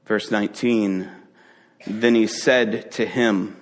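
Male preacher, slow and dramatic sermon storytelling, long reverb. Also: medium pitch, a bit bright. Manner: vivid storytelling, dramatic pauses.

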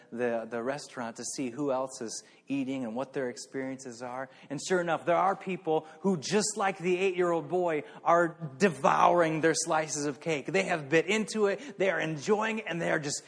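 Animated male preacher in a big hall. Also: a little high. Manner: animated storyteller, swings between hushed and excited. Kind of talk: sermon storytelling.

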